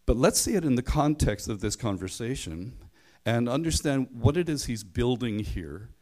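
A man's voice: mid-range voice, a little mellow. A man preaching a sermon in a conversational way, leaning hard on key phrases and stumbling over the odd restart.

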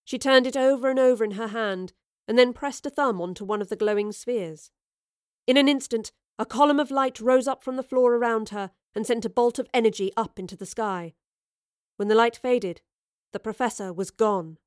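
A woman reading a scripted story aloud in a measured, expressive storytelling manner. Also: fairly high pitch, no room sound, studio quality. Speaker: narrator. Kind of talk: scripted narration.

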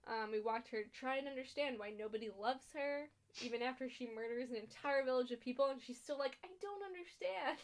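A woman's voice: a little high, fairly even intonation, fairly quick, hardly any pauses. A young woman co-hosting a podcast, recapping a TV episode in casual chat with frequent ums, laughs and blunt swearing. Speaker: podcast co-host.

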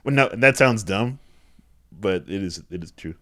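A man chatting casually about a movie, tossing in jokes and quick asides and laughing often. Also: fairly low pitch, animated, fairly bright tone. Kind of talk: casual movie recap chat.

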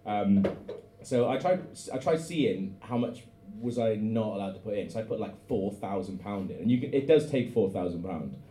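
A man's voice: fairly low pitch, animated, moderate pace, warm tone, reverberant, slight background noise. A man from Britain hosting a podcast, telling a story in rambling, giggly casual chat. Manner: rambling, giggly, lots of fillers. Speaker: podcast host.

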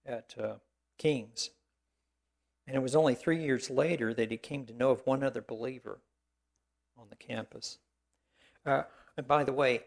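A man delivers a biographical sermon in a gravelly, creaky voice at an ordinary pitch. He pauses often on fillers and restarts, and drops in dry asides along the way. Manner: halting, many fillers and restarts.

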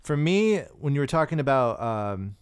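A man co-hosting a podcast, chatting casually about movies in a relaxed, rambling way with some swearing. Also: medium pitch, moderate pace, smooth, no echo, clean studio sound. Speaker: podcast co-host. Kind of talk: casual movie-review chat.

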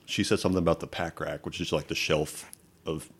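This podcast co-host has a very deep, slightly rough voice, keeping a steady tone while talking a little fast. In relaxed conversation he spins stories, swearing and laughing a lot.

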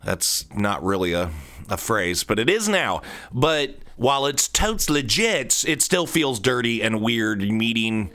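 A man's voice: lowish voice, unhurried, bright, forceful tone, a little hiss or hum. A man hosting his own podcast from a home studio office, talking casually with jokey, rambling asides into a studio microphone. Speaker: podcast host. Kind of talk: casual solo podcast monologue. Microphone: studio microphone on a stand.

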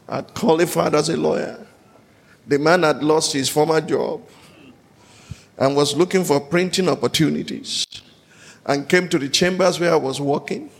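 A male pastor preaching with a high, gravelly voice. He tells stories in a steady rhythm and breaks into loud shouted peaks. The sound rings out with a long hall reverb. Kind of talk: sermon.

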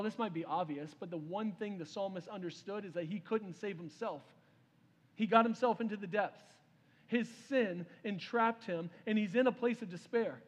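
A male pastor preaching a sermon. He tells a story with feeling and speaks the king's lines himself, then turns to the congregation with "y'all". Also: sits high. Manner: storytelling preacher, voices the king's words, addresses the crowd as "y'all". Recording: long reverb of a large hall.

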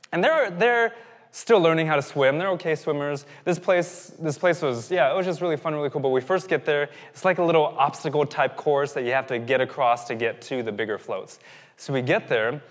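A man in his thirties preaches to a congregation in a church hall, and his voice trails off into a long, ringing reverb. He sits at a middle pitch and talks in a loose, chatty way, restarting his sentences as he tells a family story. Then he climbs to insistent, emphatic peaks to drive the point home. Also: fairly bright tone. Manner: conversational, self-interrupting, rising to emphatic peaks. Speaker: pastor. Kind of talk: sermon with personal story.

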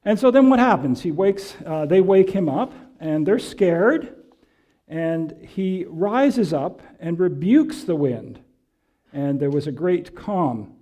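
A man preaching a conversational sermon, reading scripture and explaining it with frequent pauses and fillers. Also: fairly high pitch, animated, mellow. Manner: reads and re-reads scripture quotations.

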